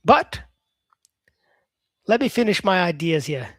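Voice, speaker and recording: This male English teacher, whose accent carries an Australian influence, talks with viewers during a live-stream lesson. His voice sits high, is very animated and slightly rough, with no echo, and his chatty, unhurried talk is full of "yeah", "um", and "mate".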